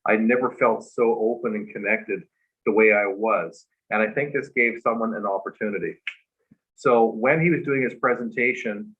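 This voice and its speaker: A man's voice: lowish voice, narrow, tinny audio. A man guest on a talk show, earnestly telling a personal story in a rambling way, full of "like" and "you know".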